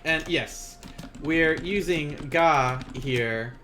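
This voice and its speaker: A man teaching a beginner Japanese lesson on a live stream, chatty and quick to laugh, often correcting himself mid-sentence. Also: on the high side, pushed and bright, a little hiss or hum.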